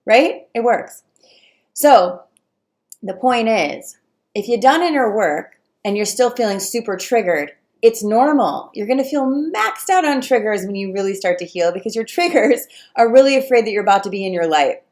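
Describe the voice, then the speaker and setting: Woman coach chatting about healing and relationships, animated, acts out what people say. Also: on the high side, moderate pace. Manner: animated, acts out quoted voices of clients and fears. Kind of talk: casual direct-to-camera advice talk.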